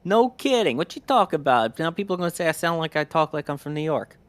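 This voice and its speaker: A man's voice: a little high, sing-song, fast, dry recording. Joking man. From New Jersey, US. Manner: joking, self-mocking. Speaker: livestream co-host. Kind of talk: casual live commentary.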